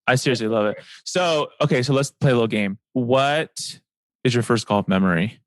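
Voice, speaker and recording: A man hosting a podcast in casual interview chat, joking and excitable, talking in quick bursts. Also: mid-range voice, dry recording. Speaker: podcast host.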